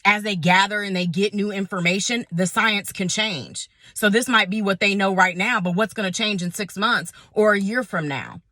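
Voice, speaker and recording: A woman's voice: medium pitch, normal speed, few pauses, bright, forceful tone, dry recording, clean studio sound. A woman nurse giving a frustrated, emphatic vlog rant, repeating points for emphasis. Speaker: nurse vlogger.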